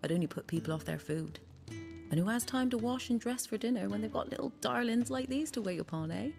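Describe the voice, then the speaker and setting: A woman's voice: fairly high pitch, lively intonation, fast talker, vocal fry, darkish tone, faint music behind. An actress playing a cheerful female stable keeper in a video game, chatty and homely.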